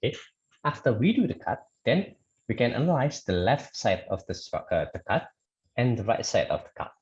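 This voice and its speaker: A man's voice: mid-range voice, big pitch swings, moderate pace, muffled recording. A man teaching a statics lecture online, hesitant, with many fillers and restarts, often checking in with "okay".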